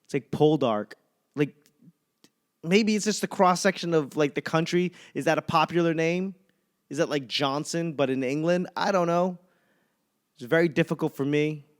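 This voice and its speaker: A man's voice: a little high, moderate pace. A man in his thirties with a Boston accent, hosting a podcast in a rambling, profane comic monologue. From Boston area. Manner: rambling and profane, with self-mocking asides. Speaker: podcast host and stand-up comedian. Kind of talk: casual comedic monologue.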